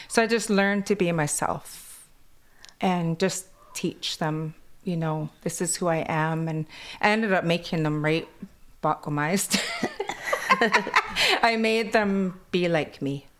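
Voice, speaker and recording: Woman w a kwakwala accent in her english, chatty and animated, telling stories in an interview. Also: fairly low pitch, takes it slowly. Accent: Kwakwala-influenced English. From British Columbia, Canada. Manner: chatty, animated, quotes others in put-on voices. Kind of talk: casual storytelling chat.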